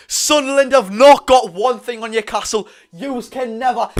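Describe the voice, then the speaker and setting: A young man with a Geordie accent doing live fan play-by-play of a football match, partisan, repetitive and excitable, breaking into loud celebrating. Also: very high-pitched, moderate pace, few pauses. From North East England. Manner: partisan play-by-play with repeated phrases. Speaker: fan watch-along streamer.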